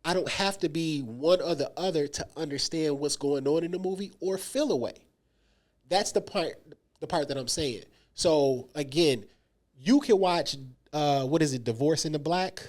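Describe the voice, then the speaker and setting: Animated man reviewing a movie. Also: on the high side, moderate pace. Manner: animated, emphatic, lots of "yo" and acted-out quotes. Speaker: podcast co-host. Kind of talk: casual movie review chat.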